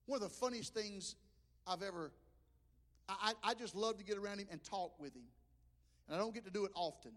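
A male preacher delivers his sermon in a folksy, impassioned style, working humor into the message. His voice sits unusually high for a man. It rings out with the long reverb of a church hall. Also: a little fast, long pauses, fairly bright tone.

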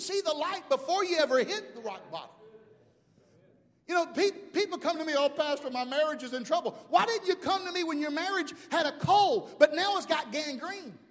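A man in his fifties from Mobile, Alabama, preaching a sermon as pastor, animated, swinging from shouts to hushed asides. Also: extremely high pitch, moderate pace. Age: 50s. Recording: long hall reverb.

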